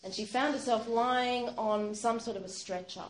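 A woman's voice: on the high side, fairly even intonation, normal speed. A woman telling a true-sounding story aloud in a conversational way, with plenty of "you know" and "sort of.". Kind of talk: spoken storytelling. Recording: roomy echo, faint background noise.

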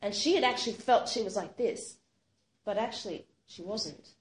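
A woman narrating a story in a loose, chatty way, filling her sentences with little verbal fillers. Her voice sits at a middling pitch. The room echoes and a faint hiss runs underneath. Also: moderate pace. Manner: conversational, with many fillers like "you know" and "sort of". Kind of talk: spoken storytelling. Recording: roomy echo, faint background noise.

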